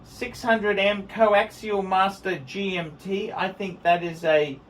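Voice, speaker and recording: Rambling, enthusiastic male reviewer with a bright, forceful tone. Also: high-pitched, fairly even intonation, takes it slowly, slight background noise. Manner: enthusiastic, rambling, repeats words for emphasis. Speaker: watch reviewer. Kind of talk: casual video review.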